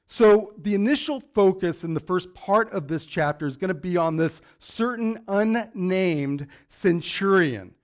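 High-voiced man preaching a Bible sermon. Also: expressive, a little slow, few pauses. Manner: conversational Bible teaching with fillers and asides. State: voice going in and out. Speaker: pastor.

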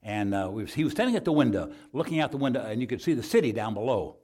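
A man from Arizona, preaching a sermon in a folksy storytelling way and easing into a soft altar call. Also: medium pitch, lively intonation, very fast, husky.

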